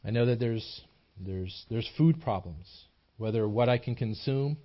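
A man's voice: medium pitch, measured pace, lo-fi sound. A man preaching a sermon in a small church, earnest and emphatic, repeating himself as he builds his points. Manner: earnest, repetitive, emphatic delivery with frequent restarts. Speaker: pastor.

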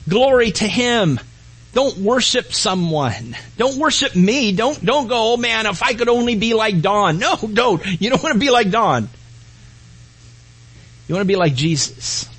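Delivering a sermon, a pastor alternates between loud, emphatic passages and quiet, hushed ones. His voice is husky and breathy and pitched high for a man, and the audio is poor.

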